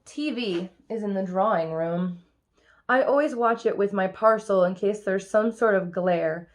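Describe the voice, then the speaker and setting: A woman reading a children's picture book aloud in an expressive, lively first-person storytelling voice. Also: medium pitch, a little slow. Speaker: reader.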